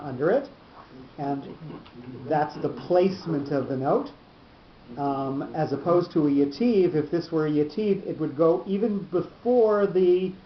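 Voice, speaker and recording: The recording is dull and echoey with a faint rumble underneath as a man leads a Torah class. His voice is slightly high, and he works through explanations step by step, often repeating words to gather his thoughts.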